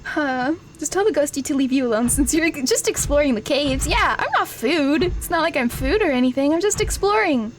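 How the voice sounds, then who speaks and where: Female streamer, high and girlish, leisurely delivery, giggles through everything, faint background hiss. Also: animated, moderate pace. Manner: giggly, laughs constantly, bursts into shrieks. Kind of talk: casual live-stream gaming chat.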